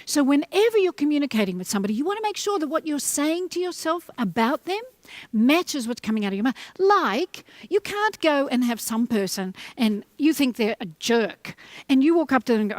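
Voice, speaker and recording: A middle-aged woman giving a motivational talk to camera, animated and acting out little voices as she goes. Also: high-pitched, normal speed, no room sound. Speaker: motivational speaker.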